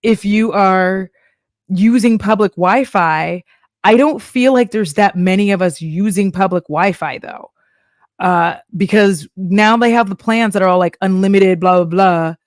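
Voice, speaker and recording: A young woman from Texas chats casually on her live stream, breaking into laughter and playful put-on voices. Her pitch sits in an ordinary middle range. The sound is dry and close, with no room echo. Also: unhurried. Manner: chatty, laughs often, acts out voices of banks and apps. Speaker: streamer reacting to a video.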